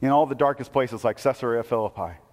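A man preaching a sermon, telling the story with animated, acted-out quotes. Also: medium pitch, quick pace, big-room sound. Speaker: pastor.

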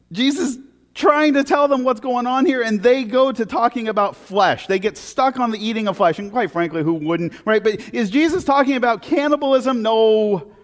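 High-voiced joking preacher in a big hall. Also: male voice, normal speed. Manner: animated and joking, with big swings from loud to very quiet. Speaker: pastor. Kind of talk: sermon.

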